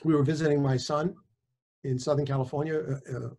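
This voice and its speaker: A man in his sixties, a chiropractor and author, telling personal anecdotes in a casual, animated way. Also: a little high, fast. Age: 60s. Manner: animated, conversational, with small restarts.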